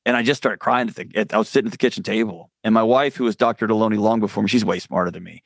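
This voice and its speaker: A man's voice: fairly low pitch, racing, gravelly, dry recording. A man speaking as a guest mental health expert, telling stories in an earnest, candid way. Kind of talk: conversational interview.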